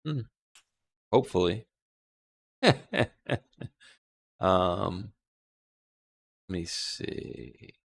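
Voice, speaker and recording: A man's voice: low voice, expressive, very slow, vocal fry, long pauses, no room sound. A man hosting a casual talk show, rambling along with plenty of fillers. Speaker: podcast host. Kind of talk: casual chat.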